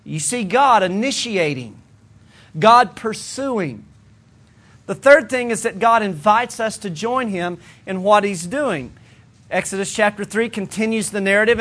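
High, bright-voiced male preacher. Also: lively intonation, measured pace. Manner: conversational, humorous, emphatic repetition. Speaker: pastor. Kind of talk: sermon.

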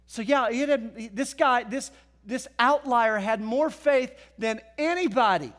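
A man's voice: very high-pitched, normal speed, a bit bright. A man preaching a sermon as pastor, in a conversational style, acting out the voices of biblical figures.

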